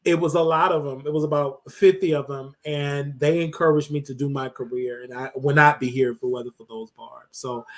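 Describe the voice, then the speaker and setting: A man in his thirties from Chicago, hosting his show and speaking in a tearful, halting monologue full of fillers and restarts. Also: a little high. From Chicago, USA. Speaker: show host. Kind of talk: emotional personal monologue.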